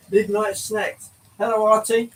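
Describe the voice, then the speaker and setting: A man's voice: high-pitched, fairly bright tone, low-quality recording. A man with an English accent with a touch of London, hosting a casual live stream, chatting easily, greeting viewers by name and swearing lightly. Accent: English, slight London. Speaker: livestream host.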